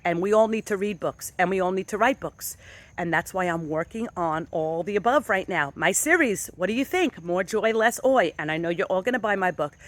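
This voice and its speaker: Out on a dog walk, a woman gives a casual motivational vlog talk as a wellness and fitness motivator. She's animated and enthusiastic, with sudden jumps in pitch, and speaks a little fast.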